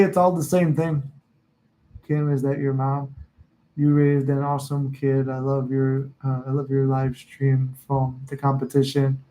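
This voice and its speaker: A man's voice: on the high side, warm tone, poor audio. A young man, a manifestation coach, chatting casually and profanely on a live stream from his home office, rambling and laughing often.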